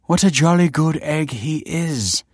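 A man's voice: on the high side, a little slow, no room sound, pitched above the performer's own voice. A man voices a breezy, playful woman in a storybook reading. He lifts his voice well above his own, and the recording stays close and dry.

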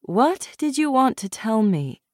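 A woman's voice: a little high, sing-song, measured pace, no echo, clean studio sound, pitched above the performer's own voice. A woman voicing a guarded young woman who speaks in a clipped, urgent way. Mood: firm, concerned.

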